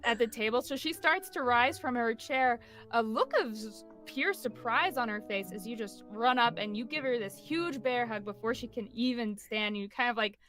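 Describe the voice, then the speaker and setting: A woman's voice: a little high, normal speed, fairly bright tone, soft background music. A woman narrating as game master of a tabletop game, chatty and giggly with many fillers.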